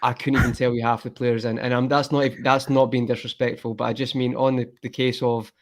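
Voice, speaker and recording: A man's voice: medium pitch, flat delivery, brisk. Man chatting about football. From Scotland. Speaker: regular panelist. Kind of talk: casual football chat.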